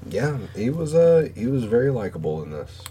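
A man in casual podcast chat, slangy and animated, who jumps into high squeaky voices when quoting film scenes. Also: normal speed, husky. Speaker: podcast guest.

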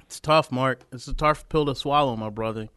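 Smooth-voiced man ranting in sports talk. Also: medium pitch, moderate pace, fairly bright tone, no echo. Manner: emphatic, ranting, repeats for effect. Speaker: podcast host.

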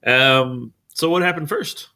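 A man co-hosting a casual podcast chat about wrestling, talking in halting bursts with many fillers and restarts, chuckling now and then. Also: mid-range voice, pushed and bright. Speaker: podcast co-host.

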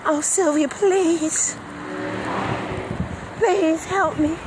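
A woman's voice: very high voice, steady tone, drawn-out words, noisy background, voice pushed up, exaggerated voice. A woman mimicking a desperate person who pleads and begs for favors. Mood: pleading. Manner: whiny, begging.

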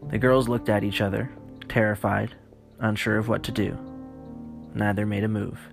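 A man's voice: lowish voice, flat delivery, moderate pace, vocal fry, long pauses, soft background music. A man narrating a horror story in a weary, profane first-person voice.

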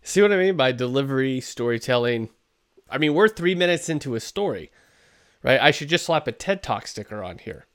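A man's voice: medium pitch, expressive, brisk, fairly bright tone. A man giving casual, critical commentary while reviewing a sermon clip, talking loosely with fillers. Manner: conversational, critical, frequent fillers. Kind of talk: video commentary.

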